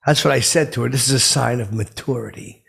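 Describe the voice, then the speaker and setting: A man doing a gravelly, huffy middle-aged grump. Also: medium pitch, brisk, a bit bright, exaggerated voice. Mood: indignant. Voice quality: gravelly, husky. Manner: rambling, indignant, self-serious storytelling. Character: touchy self-important middle-aged man, easily offended. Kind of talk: comic character monologue.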